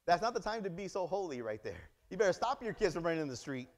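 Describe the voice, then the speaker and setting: A male pastor preaching a sermon, acting out little dialogues and swinging between loud exclamations and quiet asides. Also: high voice, fast. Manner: animated, acts out dialogues in many voices. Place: church.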